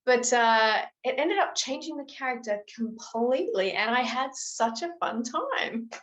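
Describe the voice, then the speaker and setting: A woman's voice: a little high, expressive, unhurried, a bit bright, reverberant, highs cut off. A woman from Australia, an actress guest chatting in an upbeat, gushing way during an interview. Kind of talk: casual interview chat.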